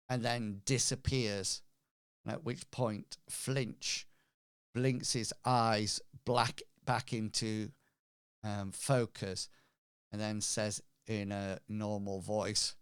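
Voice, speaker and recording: A man narrating a tabletop game as game master, slow and halting with fillers. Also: lowish voice, flat delivery, smooth, dry recording, studio quality.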